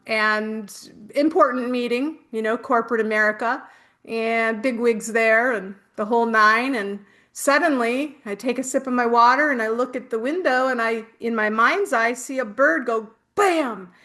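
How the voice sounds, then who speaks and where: Bright-voiced middle-aged woman leading a workshop. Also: a little high, unhurried. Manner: chatty anecdotal storytelling with casual swearing. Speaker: spiritual workshop host. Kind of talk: spiritual workshop talk.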